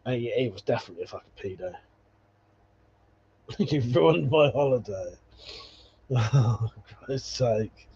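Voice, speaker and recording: A man with a mid-range, dark, slightly breathy voice hosts a laid-back livestream, reading comments and telling meandering tales full of curses and laughs. He speaks at a measured pace with lively intonation and long pauses, all captured in dull, lo-fi stream sound.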